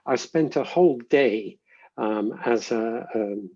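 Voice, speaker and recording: Guy professor explaining his field, husky voice, a bit muffled audio, keeps pausing to rephrase. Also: medium pitch, a little mellow. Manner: measured, reflective, often pausing to rephrase. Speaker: interviewed linguistics professor. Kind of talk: thoughtful interview answers.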